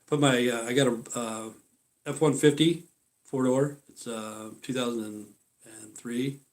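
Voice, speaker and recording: A man's voice: medium pitch, fairly even intonation, measured pace. A man telling a story to his livestream viewers in a rambling, profane, casual way. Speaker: livestream host.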